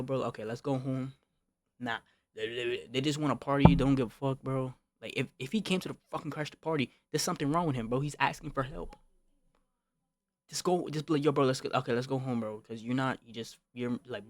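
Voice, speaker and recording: A young man streams a casual storytime rant in a mid-range voice with no echo, packed with slang and swearing. He repeats himself, calls the listener bro, and often flares into heated outbursts.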